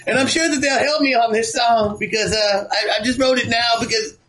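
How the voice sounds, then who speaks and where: A man voicing an earnest, emotional male turkey drumstick who speaks slowly and haltingly. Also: very high voice, steady tone, fairly bright tone, voice pushed up. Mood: heartfelt. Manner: slow, heartfelt, halting speech.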